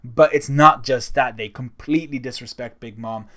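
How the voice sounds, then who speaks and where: A man's voice: mid-range voice, moderate pace, a bit bright. A man giving a casual, enthusiastic spoken review of a comic chapter, talking conversationally. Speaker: manga reviewer.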